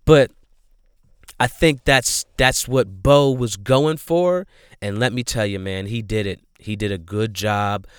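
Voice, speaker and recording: A man hosting a casual movie review chat, emphatic and profane, breaking into loud outrage. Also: lowish voice, clear, resonant tone, no room sound, studio quality. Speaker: podcast host reviewing movies.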